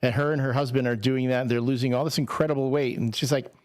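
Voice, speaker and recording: A man's voice: mid-range voice, steady tone, quick pace, a little mellow. A man co-hosting a local radio show in a studio, chatting and telling stories in a casual, self-deprecating way. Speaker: radio co-host.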